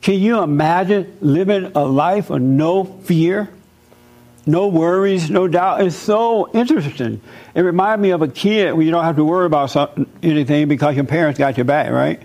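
Brief: male preacher, conversational and folksy, slightly high-pitched voice. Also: moderate pace, darkish tone. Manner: conversational, folksy, with personal stories. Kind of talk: informal sermon.

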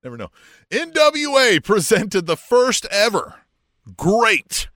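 A male podcast co-host with a bright, ringing tone and a lively voice that bounces up and down as he talks. He is fairly high for a man and sounds close and dry, with no room around him. He reads out old results in a loose, joking way. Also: slow pace, dry recording. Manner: jokey, reads out wrestling history with playful asides. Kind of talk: casual wrestling podcast chat.

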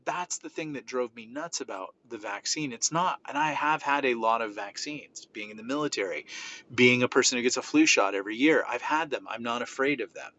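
Animated bright-voiced man hosting a podcast. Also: mid-range voice, brisk. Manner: animated storytelling, acting out quoted exchanges. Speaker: podcast host. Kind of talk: casual podcast chat. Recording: slightly dull audio with faint noise.

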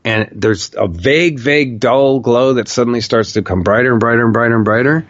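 A man telling a personal story in a candid, profane way, his talk full of "like" and loose restarts. His voice sits at an ordinary middle pitch. The audio is dry and a little dull. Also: brisk, no room sound. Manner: candid, profane, with frequent "like" fillers. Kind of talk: casual storytelling.

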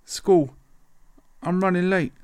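A man's voice: sits high, fairly even intonation, takes it slowly, a little mellow, smooth, voice pushed up. A man voicing a nervous, timid schoolboy who hesitates and stammers.

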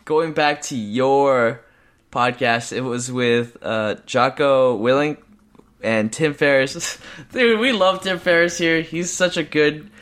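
A young man co-hosting a podcast, talking in a rambling, excitable way with lots of fillers and restarts. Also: mid-range voice, slow pace. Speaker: podcast co-host. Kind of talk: casual chat.

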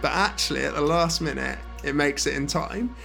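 Guy retelling a story on a podcast, a bit of fry in his voice. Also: fairly high pitch, moderate pace, pushed and bright, faint music behind. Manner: storytelling, acting out characters' lines. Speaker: podcast co-host. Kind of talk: casual chat.

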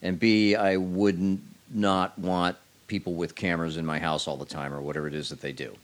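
A man with a fairly low voice, chatting as a guest in an interview. He tells his story in a loose, rambling way with a wry edge. He often stops and restarts his sentences. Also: little pitch movement, normal speed. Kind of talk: casual storytelling chat.

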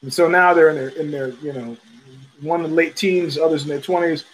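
A man's voice: on the high side, steady tone, a little hiss or hum, low-quality recording. A middle-aged man hosting a podcast, rambling through casual fight talk with many fillers, restarts and curses. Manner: rambling, halting, with frequent fillers and swearing. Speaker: podcast host. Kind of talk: casual fight commentary monologue.

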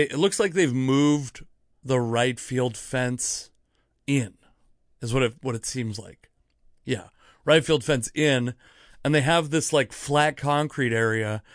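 A man's voice: mid-range voice, gravelly, no room sound. A young man talks straight into a close mic in a dry, dead room, winding through a story in casual podcast chat. He swears freely and keeps breaking off to chase side thoughts before he comes back to the point. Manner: rambling, profane, self-interrupting anecdotes. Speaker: podcast host.

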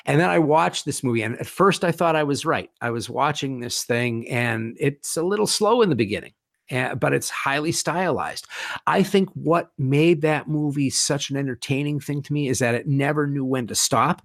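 A man with a gravelly, creaky voice talks in an animated, enthusiastic way during a casual conversation. The sound is dry and close, with no room around it. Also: medium pitch, moderate pace, no room sound. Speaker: guest, horror author and podcast host.

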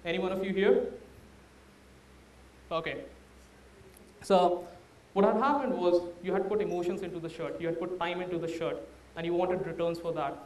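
Indian guy giving a startup talk, fairly high voice, sounds far off in a big echoey room. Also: steady tone, moderate pace, long pauses, darkish tone. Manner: candid, anecdotal, advising. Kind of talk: conference talk to an audience. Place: large room before a live audience.

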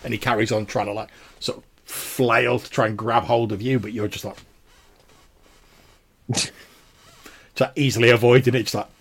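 A man's voice: mid-range voice, steady tone, moderate pace, long pauses, husky. A man narrating as game master of a tabletop role-playing game, rambling with lots of fillers.

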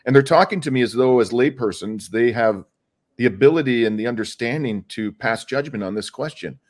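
An earnest male lawyer lays out a legal argument in an interview. His voice sits at a middle pitch. He leans hard on key words and stumbles through fillers and restarts. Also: brisk, darkish tone.

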